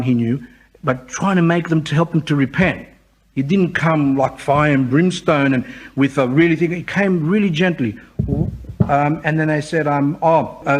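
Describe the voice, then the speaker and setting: A man's voice: a little high, lively intonation, moderate pace, breathy edge. A man, a priest, giving an informal, conversational sermon, with frequent fillers and acted-out quotes of other people.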